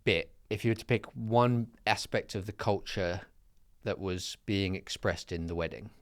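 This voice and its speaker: A man hosting a comedy podcast, cracking jokes and riffing in casual comedic chat, laughing a lot. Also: fairly low pitch. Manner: jokey, quick with riffs and interjections, laughs a lot.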